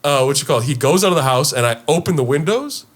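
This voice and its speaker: A man's voice: on the high side, quick pace. A young man, a podcast guest, telling stories in casual chat and acting out the people in them. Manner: animated, acts out quoted voices loudly. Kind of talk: casual storytelling.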